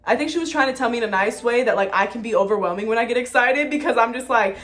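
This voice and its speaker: A young woman vlogging to camera in a casual, excitable way, full of slang, swearing and "like". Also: a little high, fast, few pauses. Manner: excitable, slangy and profane, with frequent "like" fillers. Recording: faint music behind.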